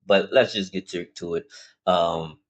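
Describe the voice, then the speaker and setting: A man with a slightly low voice talks through a comic plot in a loose, animated way. He restarts often and talks straight to his viewers in a casual tone. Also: unhurried, lo-fi sound. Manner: rambling, animated retelling with many restarts; informal, addresses viewers as y'all. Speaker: comic book reviewer.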